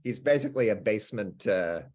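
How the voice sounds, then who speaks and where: A middle-aged American man, an actor being interviewed, talking in an animated, chatty way with restarts and laughs. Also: lowish voice, fairly quick. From United States. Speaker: actor guest. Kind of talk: casual interview chat.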